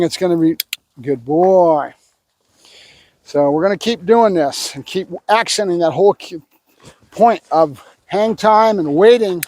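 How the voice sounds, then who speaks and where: A man working as a dog trainer, calling short firm commands to a dog and calmly explaining his method as he trains. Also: high voice, no echo.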